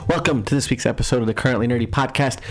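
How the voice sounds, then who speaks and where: A young man co-hosting a podcast, his pitch sitting in an ordinary middle range. He rambles through loose, laughing banter full of fillers. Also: very fast. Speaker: podcast co-host. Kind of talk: casual banter.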